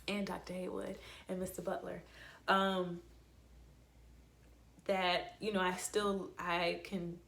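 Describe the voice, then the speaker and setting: A young woman telling a heartfelt, rambling personal story in a casual vlog, with many fillers and restarts. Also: lowish voice. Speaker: vlogger, voice teacher. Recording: echoey room.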